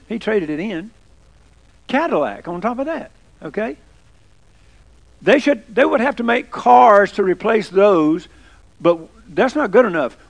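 Folksy preacher with a gravelly voice. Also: male voice, sits high. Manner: conversational, asks the congregation questions. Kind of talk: folksy sermon.

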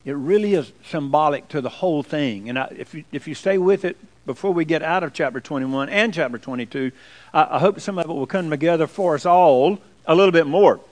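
A man's voice: fairly high pitch, brisk, poor audio. A man, a pastor giving a folksy, joking sermon to his congregation in church. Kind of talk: sermon with jokes.

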